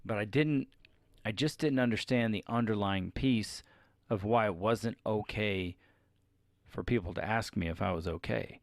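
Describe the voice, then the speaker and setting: Male co-host, slightly low voice, dry close sound, candid confessional talk. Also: a little slow, dry recording. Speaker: podcast co-host with his wife. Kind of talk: casual chat.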